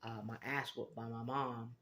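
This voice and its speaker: A woman from Connecticut, hosting her own channel, telling a personal story in an earnest, reflective way with frequent filler pauses. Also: extremely low pitch, flat delivery, fairly bright tone, slight background noise. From Connecticut, United States. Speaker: channel host.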